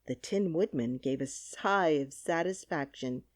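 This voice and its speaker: A woman narrating a classic children's audiobook with an expressive storytelling reading, on a close studio mic. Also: low-pitched, measured pace, no echo.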